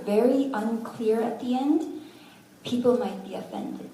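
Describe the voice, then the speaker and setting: A woman's voice: a little high, a little slow, dark tone, a little hiss or hum. A woman teaching a language class, patiently sounding out words syllable by syllable with good-humored asides. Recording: echoey room, from far off.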